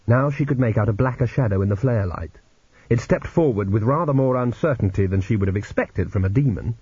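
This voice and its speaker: A man narrating an audiobook in an expressive reading voice. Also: medium pitch, a little fast, breathy edge, dry recording. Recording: dull lo-fi recording.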